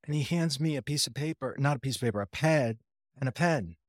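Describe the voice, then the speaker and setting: A man's voice: mid-range voice, a little fast, dry recording. Man telling his story in a dry room. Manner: conversational, retells dialogue, frequent restarts; wry, self-deprecating. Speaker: interview guest. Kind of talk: personal storytelling.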